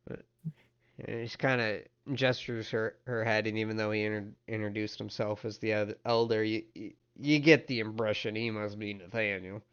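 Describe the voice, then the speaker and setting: A man's voice: on the low side, steady tone, moderate pace, few pauses, fairly bright tone, smooth, dull audio. A man narrating as game master of a tabletop game, stumbling and restarting as he describes the scene. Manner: stammering restarts while narrating.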